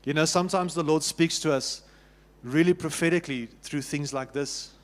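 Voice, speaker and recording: Pastor, South African man, high voice, chatty sermon delivery, church hall reverb. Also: normal speed. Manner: conversational preaching with repeated restarts and questions to the congregation. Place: church sanctuary.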